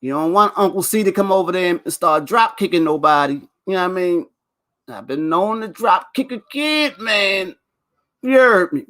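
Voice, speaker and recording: A man's voice: high voice, lively intonation, normal speed, bright, forceful tone. A man hosting a casual chat show, boastful and playful, laughing often and repeating his catchphrases. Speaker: show host.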